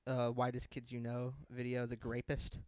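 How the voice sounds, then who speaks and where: A young man co-hosting a casual podcast, telling stories animatedly and acting out characters in shrill voices. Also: moderate pace, smooth, no room sound. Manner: animated storyteller, acts out sketches in shrill voices. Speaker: podcast co-host. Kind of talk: casual chat.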